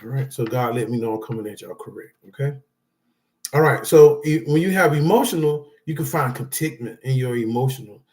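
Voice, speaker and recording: A man's voice: medium pitch, fairly quick, darkish tone. A man speaking casually to viewers as a support group speaker, reading from notes and giving loose, rambling advice with frequent check-ins like "all right?". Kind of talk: casual motivational talk. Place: indoors, reading from notes to camera.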